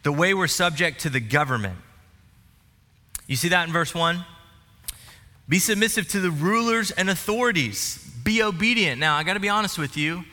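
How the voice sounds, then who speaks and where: A male pastor delivers a sermon in a church sanctuary, speaking conversationally with humor and asides. His voice sits high and sounds bright and forceful at a moderate pace. The recording carries the reverb of a church hall.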